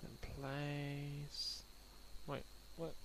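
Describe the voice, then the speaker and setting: A man's voice: on the high side, monotone, extremely slow. A young Australian man giving a chatty, rambling commentary while he plays a game, talking to the pets in it as he builds. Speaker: gaming channel host. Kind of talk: let's play commentary. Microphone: desk mic that picks up the room. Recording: noisy home recording.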